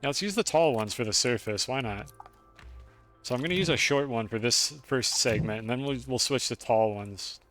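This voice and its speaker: A young male streamer talking casually and profanely to his chat while he plays. His voice sits at an average pitch. He rambles, jokes and narrates what he is doing. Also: moderate pace, a bit bright, faint music behind. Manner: chatty, profane, talks to chat. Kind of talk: casual game-stream commentary.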